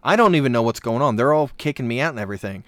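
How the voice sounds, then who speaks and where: A young man telling a childhood story in a casual chat, animated and self-mocking, with quick asides. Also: mid-range voice, dry recording.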